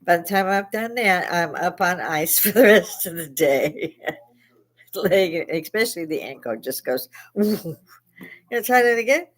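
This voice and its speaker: A woman's voice: lowish voice, fairly bright tone. An older woman, hosting a live stream and casually telling a story, laughing often and swearing freely. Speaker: livestream host.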